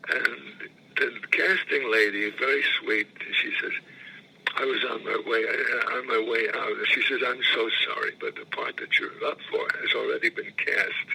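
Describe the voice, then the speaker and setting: A man in his eighties, an actor, rambling through anecdotes in an interview, often repeating phrases and clearing his throat. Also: medium pitch, moderate pace, pushed and bright, slight background noise, poor audio. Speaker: actor recalling his career.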